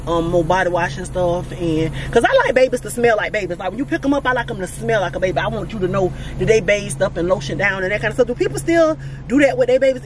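A woman in her forties, a vlogger chatting excitedly and rambling to her phone camera from her car. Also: medium pitch, background noise. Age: 40s. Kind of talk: casual vlog talking to camera.

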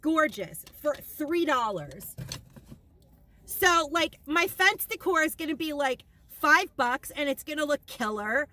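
Bright, high-pitched gushing woman vlogger. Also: slow. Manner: gushing, excitable and rambling; emotional, close to tears. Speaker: haul vlogger. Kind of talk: casual shopping haul vlog.

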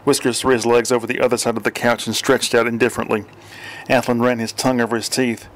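A man's voice: medium pitch, little pitch movement, fast. Man narrating an audiobook. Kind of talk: scripted narration.

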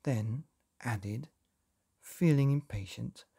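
A man who hosts a bedtime story podcast, gently reading a picture book aloud to children. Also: medium pitch, slow pace, vocal fry, husky, no echo, clean studio sound. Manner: gentle, addresses children directly.

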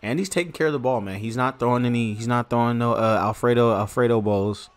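A man streaming a football video game, giving excitable, slangy live commentary and talking to his viewers. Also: mid-range voice, fast. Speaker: gaming streamer. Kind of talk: casual live gameplay commentary.

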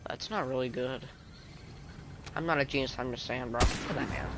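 A young man streams a game and chats casually, rambling excitably and calling everyone bro. His medium-pitched voice is fairly quick, and the game stream audio is noisy.

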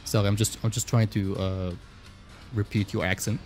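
A man streaming a game live, chatting casually with viewers, excitable and swearing freely. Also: fairly low pitch, normal speed, faint music behind.

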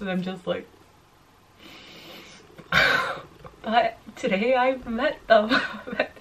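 A young woman in her twenties talks to her camera in a slow, gravelly-edged voice with plenty of vocal fry. She is emotional and close to tears, gushing and giggling between her words. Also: lowish voice, a bit bright, a little hiss or hum. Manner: gushing, giggly, breaks into laughter often. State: teary and emotional. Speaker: vlogger. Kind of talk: casual emotional vlog to camera.

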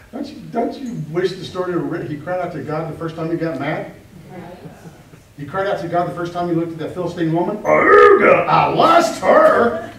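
A man's voice: fairly high pitch, fairly quick, crowd noise. A man preaching a sermon with emphatic repetition and rhetorical questions. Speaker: pastor. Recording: echoey room, heard from a distance.

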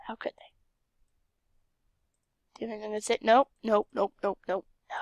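A young woman casually commenting on a game she plays, excitable and chatty, with sudden whispered asides, close to a desk mic. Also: medium pitch, normal speed, creaky, long pauses, no room sound. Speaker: gaming channel host.

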